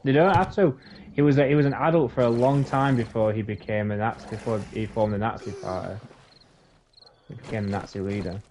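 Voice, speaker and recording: A man's voice: on the low side, steady tone, a little fast, darkish tone. A man with a Yorkshire accent chatting casually during a game, blunt and sarcastic, swearing freely. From Yorkshire, England. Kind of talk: casual chat while gaming. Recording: faint background noise.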